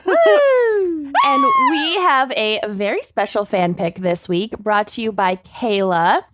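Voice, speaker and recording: A woman's voice: mid-range voice, expressive, unhurried, a bit bright, no room sound, studio quality. A woman co-hosting a casual true crime podcast, upbeat and chatty, reading intros and announcements. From Minnesota. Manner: upbeat, reads ads and intros. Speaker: podcast co-host.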